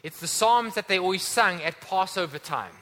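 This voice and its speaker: A man's voice: high-pitched, animated, normal speed, sharp tone. A man preaching a sermon to a church congregation, earnest and urging his listeners. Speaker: pastor. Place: church hall. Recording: long hall reverb.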